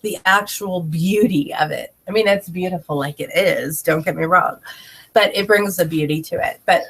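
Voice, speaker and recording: A woman's voice: lowish voice, normal speed, fairly bright tone, breathy edge. A woman selling home products, a bit congested, telling a chatty story to camera at home and laughing often. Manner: chatty, laughs often, talks to her child between sentences. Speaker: direct sales consultant. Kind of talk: casual video tutorial. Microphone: camera mic, talking to camera.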